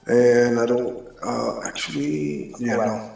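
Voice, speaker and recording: A man plays a tabletop game in a slow, gravelly voice with a lively pitch, hesitating as he works out his move. He sounds far from the mic in a very echoey room. Faint music plays in the background. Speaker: player. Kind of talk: casual tabletop game play.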